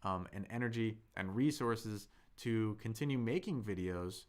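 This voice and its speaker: Slow-talking man teaching live. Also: on the low side. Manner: slow, drawn-out speech with many fillers, demonstrating sounds; thanks viewers in chat warmly. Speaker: Chinese teacher hosting a live stream. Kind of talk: live-stream language lesson.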